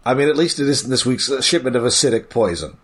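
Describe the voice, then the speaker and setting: A man's voice: medium pitch, expressive, quick pace, husky. A man co-hosting a casual podcast, recapping an episode with rambling, playful asides. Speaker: podcast co-host.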